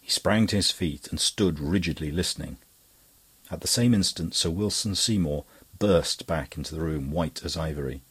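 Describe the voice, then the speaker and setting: A man narrating an audiobook with a measured, even reading style. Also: extremely low pitch, slightly rough. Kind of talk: scripted narration.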